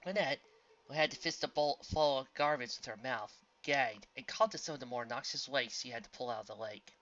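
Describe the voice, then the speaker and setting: A woman reading a fan fiction story aloud with expressive storytelling. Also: rumbling low, a little fast, lo-fi sound. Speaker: reader.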